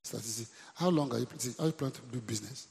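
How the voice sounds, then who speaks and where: Gravelly Nigerian pastor preaching in a hall. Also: male voice, mid-range voice, fast talker, darkish tone. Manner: preachy call-and-response, repeating lines to the congregation. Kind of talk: sermon. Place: church.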